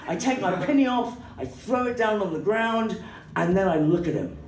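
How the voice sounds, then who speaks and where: An English woman doing stand-up comedy, an excitable, swearing storyteller who acts out the people in her story. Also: a little fast. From England. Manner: excitable, swearing, acting out characters in shrill put-on voices. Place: comedy club stage. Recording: roomy hall, voice from a distance, faint background noise.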